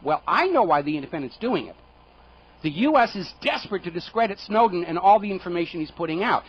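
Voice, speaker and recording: A high-pitched male radio host delivers sarcastic, indignant political commentary. His voice comes through a dull, lo-fi broadcast recording. He jabs at his targets with mocking rhetorical questions. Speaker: radio talk show host.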